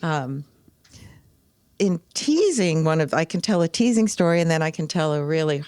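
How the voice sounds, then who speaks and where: An older woman with a low voice tells stories in relaxed conversation and acts out the people in them with lively voices. The sound is close and dry, with no room around it. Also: normal speed, no echo. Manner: animated storyteller, acts out quoted voices. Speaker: podcast guest. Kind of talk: storytelling in casual conversation.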